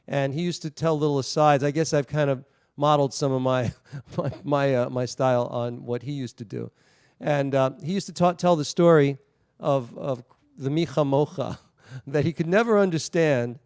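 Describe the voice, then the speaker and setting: Brief: male rabbi on video call, smooth tone, chatty asides. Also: medium pitch, darkish tone, no echo, studio quality. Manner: halting asides with restarts. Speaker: rabbi leading a service. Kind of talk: liturgy reading and casual storytelling.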